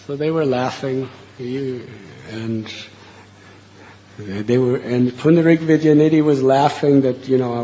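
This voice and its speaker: A man preaching a sermon, telling a devotional story in an animated way. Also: mid-range voice, a little slow, dull audio, slight background noise.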